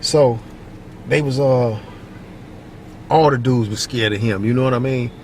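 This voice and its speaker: A middle-aged man from Long Beach telling a casual story outdoors. He is animated and acts out the people he quotes. Faint street and traffic noise sits behind his voice. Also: measured pace. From Long Beach, California. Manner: animated storyteller, acts out quotes in a high voice, repeats "you know what I mean". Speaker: vlogger. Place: outdoors by a basketball court, moving in traffic.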